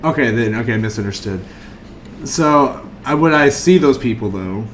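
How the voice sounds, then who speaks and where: A man playing a tabletop role-playing game, brash and profane, bursting into shouts in character. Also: mid-range voice, expressive, moderate pace, a little hiss or hum. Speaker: player.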